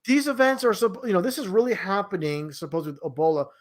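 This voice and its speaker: Talking fast in a high-pitched voice, a guest rambles casually and at length, often starting over, his tone incredulous throughout the conversation.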